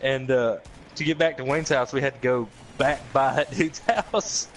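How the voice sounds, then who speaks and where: A man's voice: mid-range voice, normal speed, slight background noise. A young man telling a profane, laughing story to friends in a casual chat. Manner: profane, laughing, animated retelling with quoted voices.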